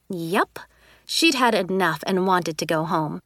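Woman reader for a kids' novel, playful and expressive, animated and unhurried. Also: fairly low pitch, no echo, studio quality. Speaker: narrator. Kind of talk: first-person storybook reading.

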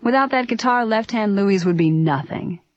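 A woman's voice: mid-range voice, lively intonation, normal speed, no room sound, dull audio, voice pushed up, lightly acted. A woman voicing a large, hot-tempered restaurant owner in a story reading. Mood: jovial. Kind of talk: storybook character voice.

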